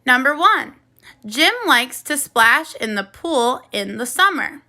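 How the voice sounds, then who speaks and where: A woman teaching a first grade phonics lesson on video, speaking slowly and clearly with plenty of encouragement for young children. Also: sits high, expressive, pushed and bright. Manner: slow, clear, encouraging classroom delivery.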